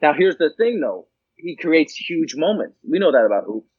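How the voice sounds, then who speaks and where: A higher-pitched man with a husky, breathy voice chats loosely, laughing often and swearing freely. The sound is muffled and lo-fi. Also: big pitch swings, moderate pace, dry recording. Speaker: guest battle rapper. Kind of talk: casual chat. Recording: muffled lo-fi audio.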